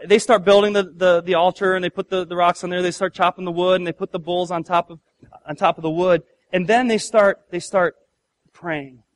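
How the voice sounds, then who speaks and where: A man with a fairly high voice delivers a sermon as a pastor. He retells a Bible story with humor, playful asides and acted-out bits. His delivery is lively and conversational. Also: dry recording.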